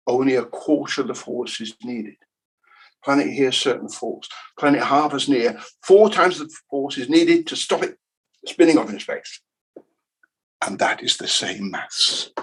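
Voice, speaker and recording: A man giving a humorous keynote lecture on the history of maths, jokey and animated, repeating words for emphasis. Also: medium pitch, breathy edge, poor audio. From United Kingdom. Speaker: keynote speaker.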